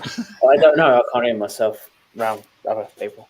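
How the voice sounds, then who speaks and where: A British man chatting casually as a guest on a livestream, talking in halting bursts. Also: mid-range voice, a little mellow, a little hiss or hum, poor audio. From Britain. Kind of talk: casual chat.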